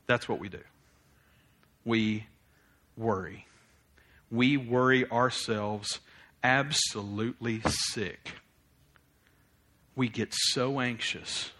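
A man preaching a sermon, animated, swinging between loud exclamations and quiet reflection, laughing often. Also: mid-range voice, slow, long pauses. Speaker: pastor.

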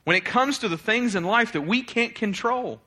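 A man preaching a sermon, animated, swinging between loud exclamations and quiet reflection, laughing often. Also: sits high, moderate pace. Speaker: pastor.

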